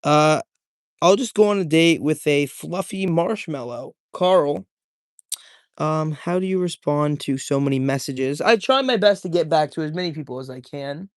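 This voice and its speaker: A man's voice: a little high, normal speed, no echo. Young guy rambling to his stream chat at home, slangy and loose, dry close sound. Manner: loose, rambling, slangy, calls chat man, dude, bro. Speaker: livestreamer reading chat. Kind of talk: casual livestream chat.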